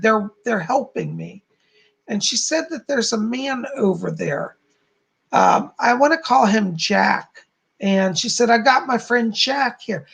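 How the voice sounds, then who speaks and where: A man's voice: sits high, gravelly, husky. A man hosting a live stream as a psychic medium, reading viewers' messages and passing on reassurances in a soothing way. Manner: warm, reassuring, calls viewers darling.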